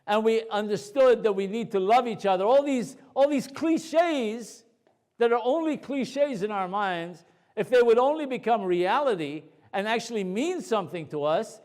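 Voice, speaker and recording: A man speaking as a rabbi, telling anecdotes to an audience in a lively way, full of asides and repeated words. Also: high voice, moderate pace. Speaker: rabbi and lecturer. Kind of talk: storytelling talk to an audience.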